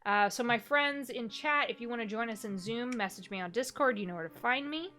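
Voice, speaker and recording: A woman chats loosely at the end of a live stream, quick to laugh and swear. Her voice sits high and bright. Faint music plays in the background. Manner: chatty and excitable, laughs often, swears casually. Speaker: streamer and game master. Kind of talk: casual stream sign-off chat.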